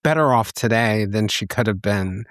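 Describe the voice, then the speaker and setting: Thoughtful lower-voiced male host. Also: moderate pace, a bit bright, no echo, studio quality. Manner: thoughtful, explains concepts at length. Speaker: podcast host. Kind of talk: reflective interview talk.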